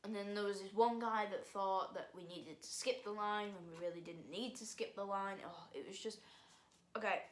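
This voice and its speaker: A woman's voice: mid-range voice, normal speed. A teenage girl vlogging in a casual, rambling way, full of fillers, restarts and sighs. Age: teens. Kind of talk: casual storytelling vlog. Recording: roomy echo.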